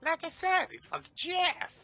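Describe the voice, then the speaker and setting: A man voicing a warped, winged male psyker in a tabletop role-play game, dodging questions in a voice that swings from whispers to high squeaks. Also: steady tone, unhurried, bright, forceful tone, soft background music, exaggerated voice. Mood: evasive. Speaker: tabletop player.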